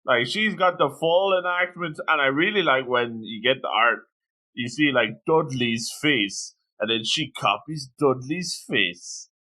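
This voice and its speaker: Bright-voiced man chiming in casually. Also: medium pitch, unhurried. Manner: short interjections and quips. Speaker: podcast co-host. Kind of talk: casual chat.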